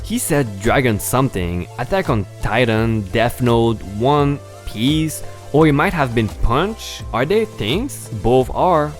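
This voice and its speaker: A male narrator reading online stories aloud, with a very lively, sing-song pitch that rises and falls a lot. He breaks off into chatty asides to viewers. Soft music plays quietly behind him. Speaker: story narrator. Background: faint background music.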